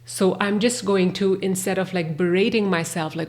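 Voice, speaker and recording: A woman hosts a reflective self-help talk, her voice sitting a little low. She speaks gently and earnestly, pausing on soft fillers as she works through her thoughts. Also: fairly even intonation. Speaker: podcast host.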